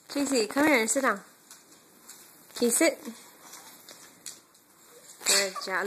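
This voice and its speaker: A woman's voice: fairly high pitch, lively intonation, slow pace, pauses often, a bit bright, slight background noise, rough recording. A woman filming her baby at home on a phone, coaxing him to crawl and cheering him on in baby talk. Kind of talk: home video. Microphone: phone camera.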